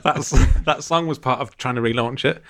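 A man's voice: medium pitch, moderate pace, a bit bright. Rambling jokey man. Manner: rambling, jokey, laughs often. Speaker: podcast co-host. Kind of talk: casual comedic chat.

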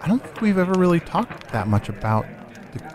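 Male improv comedy host, animated pitch, playful, easily flustered. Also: fairly quick, a crowd in the background. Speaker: podcast host.

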